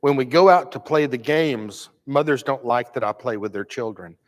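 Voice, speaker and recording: A man's voice: mid-range voice, moderate pace, natural voice. A man quoting a big earnest boy. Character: big earnest troubled boy, slow and simple. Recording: long reverb of a church hall.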